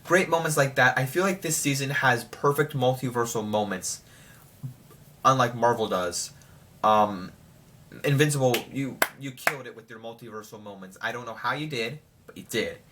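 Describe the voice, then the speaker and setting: Young man, bright forceful voice, excitable, rambling, casual show review. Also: mid-range voice, normal speed, slight background noise.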